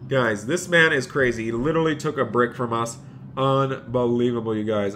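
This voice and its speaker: Male game streamer, bright and forceful, chatty with viewers, light typing noise behind. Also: mid-range voice. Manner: chatty, talks to chat while playing a bank clerk. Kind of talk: live game role-play commentary.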